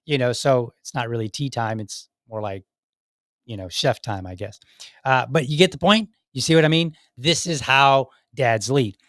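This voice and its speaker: A man's voice: medium pitch, normal speed, a bit bright, no echo, studio quality. A man hosting his own podcast in a casual live-stream talk, rambling with many fillers and restarts. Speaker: podcast host.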